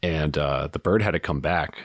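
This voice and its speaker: A man in his thirties, a retired soldier and podcast guest, telling a story in a casual, halting way with lots of fillers and swearing. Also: very deep voice, dry recording, clean studio sound.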